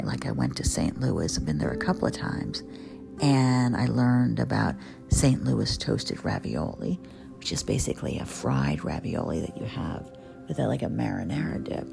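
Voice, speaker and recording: A woman's voice: a bass voice, gravelly. A woman from New York chatting playfully about food and travel, with lots of asides. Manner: gabby, playful, digressive with asides. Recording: music playing behind the voice.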